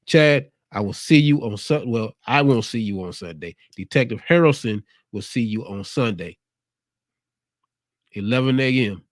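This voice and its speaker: Animated and medium-pitched, this man hosts his own show at a moderate pace, recorded in studio quality with no room sound. His motivational talk is casual and streetwise, laid-back in manner but with a preachy edge.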